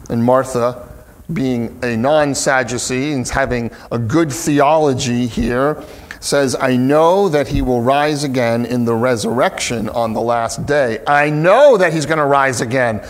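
Male pastor, slightly high voice, unhurried sermon delivery mixing careful reading with chatty commentary. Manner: slow, deliberate scripture reading with conversational asides.

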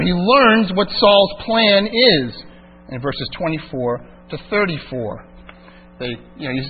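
A man preaching a sermon, teaching through a Bible passage verse by verse and building intensity at key points. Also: on the high side. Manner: expository preaching, rising intensity at climaxes. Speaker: pastor. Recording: tinny phone-like sound with mains hum.

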